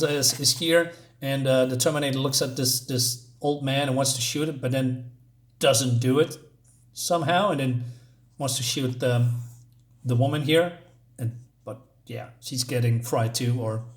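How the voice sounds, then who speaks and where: A man casually reviewing a comic book, walking through the panels with lots of fillers and little chuckles. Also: medium pitch. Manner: rambling, many fillers, chuckles at his own jokes.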